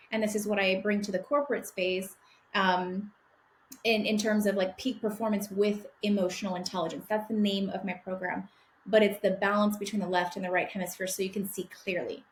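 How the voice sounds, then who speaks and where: A woman coach answering interview questions, explaining her approach in a steady way. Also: medium pitch, a little fast, echoey room, a little hiss or hum. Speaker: guest coach.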